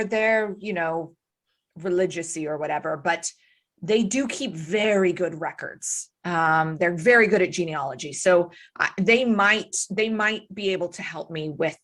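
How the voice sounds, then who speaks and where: A woman's voice: fairly low pitch, fairly bright tone. A woman voicing a haughty, impatient male scholar who speaks in a formal, condescending way.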